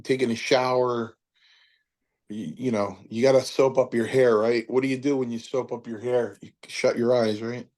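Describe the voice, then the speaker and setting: A man in his fifties tells stories in a relaxed interview. He has a middle-pitched voice and animates his anecdotes by jumping up into a higher voice for quoted lines. His pace and phrasing are loose and conversational. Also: normal speed. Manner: animated storyteller, acts out quotes with big pitch jumps. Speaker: interview guest, former wrestler. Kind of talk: casual storytelling interview.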